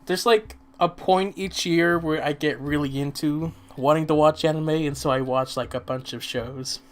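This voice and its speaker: A man chatting casually as co-host, slightly hoarse, with a relaxed manner that trails off. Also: on the high side, normal speed, soft background music. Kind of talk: casual chat.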